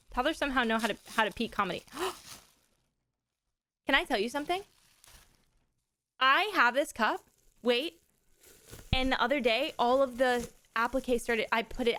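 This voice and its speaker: A young woman and mother chatting casually on a live stream, excitable and gushing. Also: on the high side, brisk. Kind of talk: casual chat.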